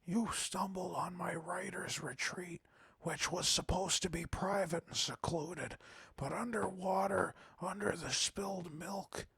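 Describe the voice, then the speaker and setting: A man's voice: sits high, steady tone, measured pace, fairly bright tone, slight background noise, voice pushed up. Man voicing a shy, stammering pony author. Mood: apologetic. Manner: timid, stammering, fancy words. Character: shy, anxious female pony author, wordy. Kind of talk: reading game dialogue aloud.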